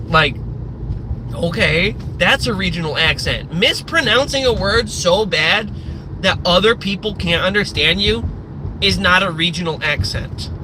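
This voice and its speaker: A man's voice: high-pitched, expressive, measured pace, background noise. A man from the Midwest US, a live streamer, ranting casually and profanely and wandering off on tangents. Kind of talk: casual livestream rant.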